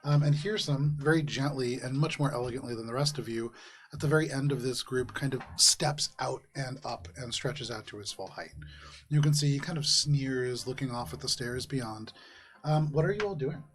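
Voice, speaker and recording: A man narrating a fantasy tabletop game as game master, relaxed and chuckling between descriptions. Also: mid-range voice, moderate pace. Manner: relaxed, with frequent ums and laughs.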